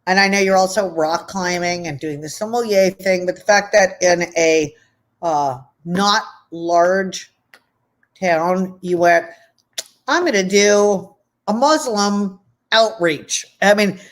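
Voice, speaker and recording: A woman's voice: lowish voice, slow pace. A woman speaking as a guest in a casual video call interview, effusive and playful in her praise.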